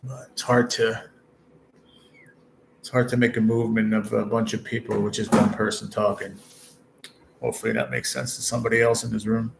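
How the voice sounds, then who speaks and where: Gravelly-voiced man, blunt and profane. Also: on the low side, a little hiss or hum, poor audio. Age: 40s. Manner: blunt, heavy swearing, rambling. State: ill with stage four cancer. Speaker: livestream host. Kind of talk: casual livestream chat. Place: hospital room.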